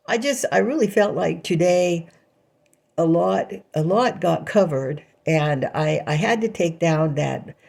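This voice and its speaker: A woman's voice: low voice, vocal fry, darkish tone. A woman vlogging alone in a rambling personal monologue, bitter and sarcastic, breaking into short laughs between remarks.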